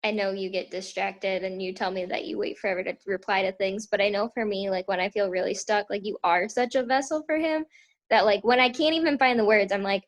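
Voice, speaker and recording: A woman's voice: medium pitch, fairly even intonation, a little fast. A woman in a casual faith chat, speaking hesitantly with many fillers. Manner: hesitant, lots of likes and ums.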